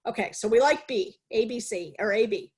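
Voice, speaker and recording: Teaching a live online nursing class over video call, a woman asks her students questions and then supplies the answers herself, full of energy. Her fairly high voice has a darkish tone and a breathy edge, at a moderate pace.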